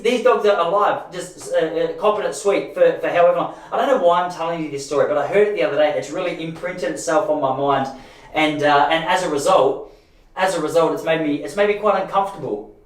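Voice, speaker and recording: A man's voice: on the high side, reverberant, distant mic. A man in his thirties with an Australian accent, hosting a podcast as a chatty, rambling monologue full of restarts and asides. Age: 30s. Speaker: podcast host. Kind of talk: casual monologue.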